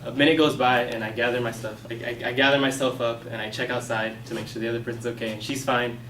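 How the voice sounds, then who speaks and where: A young man telling a personal story in a casual, animated way, acting out his own past lines. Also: medium pitch, fast, a little hiss or hum. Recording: echoey room, mic from a distance.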